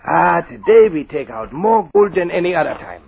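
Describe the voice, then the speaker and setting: An actor playing a jolly old immigrant gold prospector who chuckles between folksy, broken phrases, in 1940s radio acting. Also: male voice, on the high side, sing-song, moderate pace, vocal fry, phone-quality sound, crowd noise. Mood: jovial. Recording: old radio broadcast, phone-thin, noisy.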